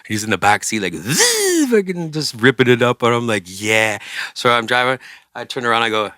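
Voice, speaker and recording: A man's voice: mid-range voice, fairly quick, sharp tone, dry recording, clean studio sound. A male rock singer telling stories in a casual interview, swearing freely and acting out the people he quotes in other voices. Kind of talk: casual storytelling.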